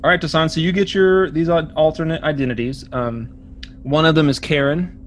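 A man narrating as game master in a tabletop game, quick and casual. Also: on the high side, steady tone, a little hiss or hum.

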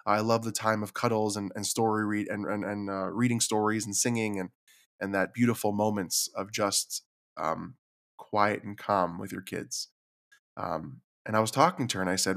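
A man's voice: fairly low pitch, fairly even intonation, normal speed, creaky, fairly bright tone. Earnest man on a solo podcast. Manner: earnest, confiding, repeats words when emotional. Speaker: podcast host. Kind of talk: reflective solo podcast talk.

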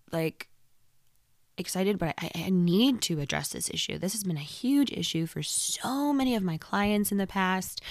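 A young woman coaching fitness in a casual podcast talk, energetic and chatty, sometimes dropping to a whisper for emphasis. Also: lowish voice, no room sound, clean studio sound.

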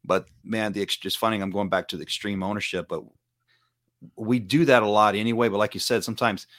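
A man's voice: lowish voice, steady tone, fairly quick, a bit bright, no echo, studio quality. A middle-aged man from the Southern United States, a martial arts instructor, talking in an earnest, rambling way in a casual podcast chat. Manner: rambling, earnest, self-correcting.

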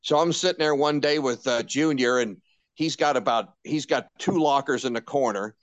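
An older radio veteran tells stories with excitement, stumbling over restarts and slipping into the voices of the people he quotes. His recording is dry and close, with no room sound. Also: mid-range voice, normal speed, dry recording. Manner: animated anecdotes with many restarts and quoted dialogue. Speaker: radio personality guest. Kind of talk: candid storytelling interview.

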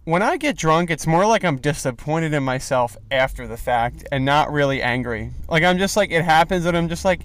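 A man's voice: mid-range voice, a little fast. A young man hosting a casual solo podcast while driving, rambling and joking with lots of fillers. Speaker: podcast host. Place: car on the road. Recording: faint vehicle noise. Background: car driving noise.

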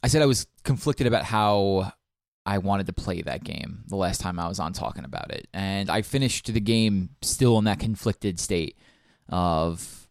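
A man's voice: deep voice, lively intonation, normal speed, vocal fry, no room sound, clean studio sound. A young man co-hosting a podcast, chatting casually and rambling with lots of ums and restarts. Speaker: podcast co-host. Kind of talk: casual chat about video games.

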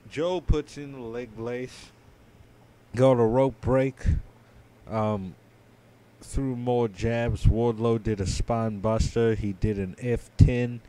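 A man co-hosting a podcast, giving a casual play-by-play recap of a wrestling match, sleepy and yawning, his voice trailing off quietly with many ums. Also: medium pitch, fairly even intonation, slow. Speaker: podcast co-host.

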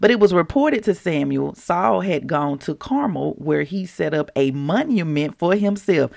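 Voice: medium pitch, lively intonation, unhurried, gravelly, few pauses, a little mellow, no echo, studio quality. A devotional podcast host, reading scripture with chatty, jokey asides. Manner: chatty, jokey asides, laughs at own slips. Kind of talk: casual Bible reading and commentary.

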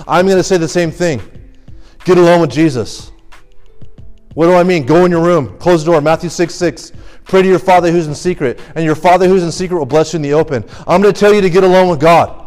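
A young man preaching a sermon, urging listeners with rapid rhetorical questions. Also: high-pitched, a little mellow.

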